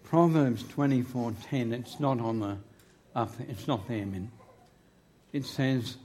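A man's voice: mid-range voice, takes it slowly, a little mellow, a little hiss or hum. A man preaching a sermon in church into a microphone, emphatic and humorous, drawing his phrases out. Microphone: handheld microphone.

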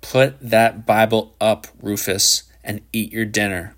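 A man's voice: medium pitch, measured pace, natural voice. A man voicing a bitter, exasperated father who speaks in a clipped way. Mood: cold.

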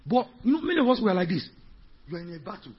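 A pastor preaching with a very husky, raspy voice that sits a little high and leaps widely in pitch. He moves from low murmurs to shouted climaxes and keeps asking the congregation questions. The recording sounds dull and lo-fi. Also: very animated, very fast. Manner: emphatic, repetitive preaching with rhetorical questions. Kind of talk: sermon.

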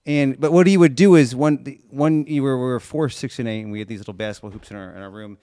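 A man's voice: mid-range voice, fast talker, dark tone, smooth, no echo, studio quality. A man telling a family story in playful casual chat on a podcast.

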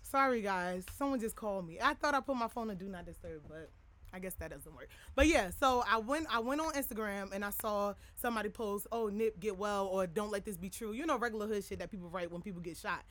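Bright, casual young woman host. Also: mid-range voice, animated, fast talker, no echo. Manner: casual, rambling, heavy on filler words. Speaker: podcast host. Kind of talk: candid personal talk to listeners.

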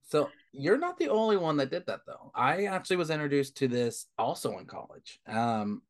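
A young man co-hosts a podcast, relaxedly telling stories in casual conversation and acting out what other people said. His voice is on the high side, at a moderate pace.

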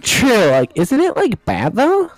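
A man's voice: high-pitched, wildly swooping pitch, slow pace, soft background music. A man chatting playfully while playing a game with friends, giggly and teasing.

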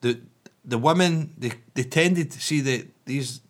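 A man's voice: mid-range voice, a little slow. A man telling a story in casual podcast chat, rambling and swearing with many restarts.

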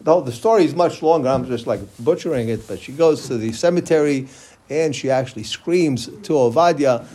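A Torah teacher with a medium-pitched, warm voice speaks briskly as he casually retells religious stories. His storytelling is loose, full of restarts, with Hebrew terms woven in along the way.

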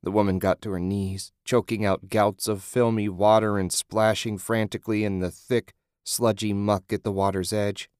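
A low-pitched man narrating a horror story in a measured, grim manner. The read is close and completely dry, with no trace of a room. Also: flat delivery, darkish tone, smooth, no room sound. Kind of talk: scripted horror audiobook narration.

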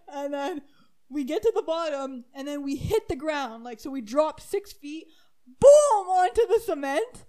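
Giggly high-pitched young woman telling a story. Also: measured pace. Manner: animated, laughing, squeals when excited, many "like"s. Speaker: storyteller co-host. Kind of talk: casual storytelling chat.

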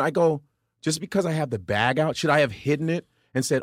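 A man's voice: mid-range voice, fast, breathy edge, no room sound. A comedian guest tells loose, profane stories on a podcast, jumping into voices of the people he talks about. His voice sits in a middling register for a man. The sound is dry and close, with no room around it. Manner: profane, animated storyteller doing voices. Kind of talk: casual storytelling chat.

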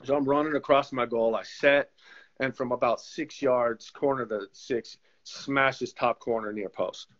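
Man, former pro goalkeeper and coach, animated storyteller; mid-pitched voice, slightly muffled recording. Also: unhurried. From United States. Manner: animated storyteller who acts out quoted voices. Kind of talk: casual storytelling interview. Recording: slightly dull lo-fi sound.

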